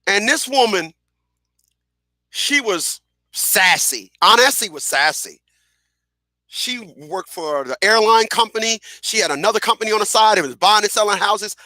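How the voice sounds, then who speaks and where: A middle-aged man hosting a radio show, telling stories in a casual, animated way, repeating phrases and acting out what people said. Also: sits high, normal speed, no echo, clean studio sound. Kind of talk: casual storytelling monologue.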